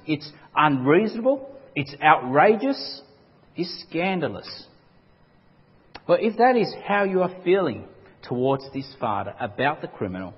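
A pastor preaches with an emphatic, animated delivery. His voice sits high and a bit husky, swinging widely in pitch. The sound is dull and carries a long hall reverb. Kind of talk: sermon.

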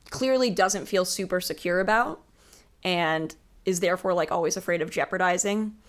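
A woman hosting a podcast, chatting enthusiastically about a novel and reading passages aloud. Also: lowish voice. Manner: enthusiastic, laughs often, reads passages aloud. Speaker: podcast host. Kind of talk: casual book discussion.

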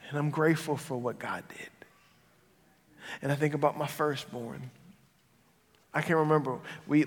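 A man in his thirties, a pastor giving a personal testimony in a sermon, telling it earnestly and dropping to a soft, quiet voice at tender moments. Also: a little high. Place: church sanctuary. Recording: large hall with long reverb and music behind.

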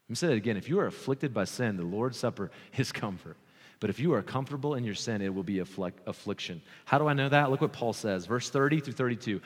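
A man preaching a sermon as pastor, earnest and emphatic, slowing down to repeat his key points. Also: medium pitch, lively intonation, big-room sound.

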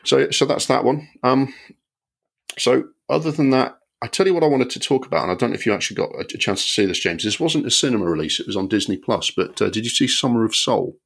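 A man's voice: medium pitch, expressive, fast talker, vocal fry, fairly bright tone, breathy edge. A man co-hosting a podcast, giving opinionated film reviews in casual chat with frequent restarts. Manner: opinionated, rambling with many restarts. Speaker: podcast co-host.

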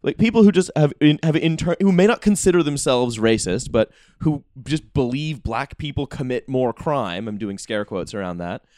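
A man in a casual podcast discussion, wry, throwing in joking asides in quick bursts. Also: medium pitch, animated, a little mellow, no room sound, studio quality.

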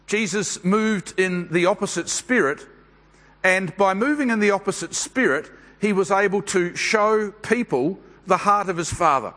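A man preaching a sermon at a church service, speaking in a measured, unhurried way with pauses and fillers. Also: high-pitched, pushed and bright, big-room sound.

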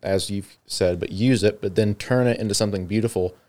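A man on a church podcast sharing his personal faith story earnestly, pausing and restarting his sentences as he goes. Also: lowish voice, darkish tone.

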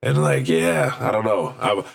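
A man's voice: medium pitch, lively intonation, measured pace, gravelly. Laughing, profane male storyteller. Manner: profane, laughing storyteller who acts out voices in quotes. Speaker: podcast co-host. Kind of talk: casual chat, storytelling.

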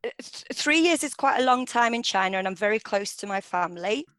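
A woman chatting as a podcast guest, animated and quick to laugh, her talk full of ums. Her voice is mid-pitched for a woman and sits close and dry in the recording, with no room sound around it. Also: no echo. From England. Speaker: veterinary nurse guest. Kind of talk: casual interview chat.

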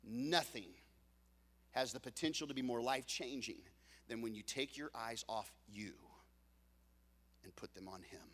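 A man preaching a sermon as pastor, telling the story with joking asides and swinging from loud peaks to hushed lows. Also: unhurried, long pauses, long reverb tail.

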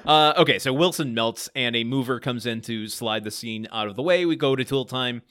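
A man's voice: medium pitch, fairly quick, fairly bright tone, clear, resonant tone, dry recording, studio quality. A man co-hosting a podcast, recapping a sitcom episode in a loose, casual way and laughing easily. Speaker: podcast co-host.

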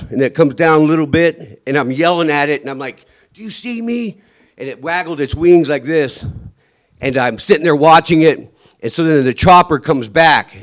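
His voice on the high side, this man tells of surviving an ordeal he lived through, his delivery halting and emotional. Sentences frequently trail away and restart, and he re-enacts his own shouting.

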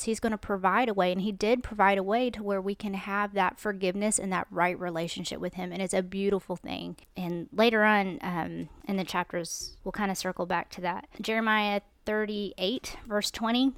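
A woman's voice: mid-range voice, fairly even intonation, normal speed, clear, resonant tone, no room sound. A woman in her forties hosting a podcast, giving an earnest, conversational Bible talk. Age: 40s. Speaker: podcast host. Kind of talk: casual devotional Bible talk.

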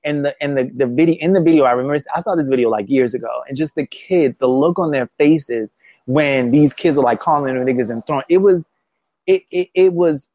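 A man in casual conversation, speaking with strong emotion and halting often to restart his sentences. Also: medium pitch, mellow, no room sound.

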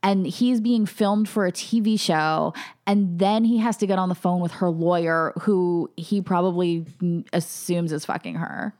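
A woman's voice: on the low side, a little slow, darkish tone. A woman co-hosting a podcast, talking casually with many fillers. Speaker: podcast co-host. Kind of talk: casual chat.

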